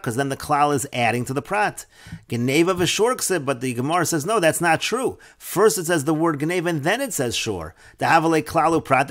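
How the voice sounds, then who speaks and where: Male Talmud teacher, a bit high-pitched, steady read-then-explain delivery. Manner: reads Aramaic phrases then explains in English. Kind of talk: Talmud lesson, reading and translating.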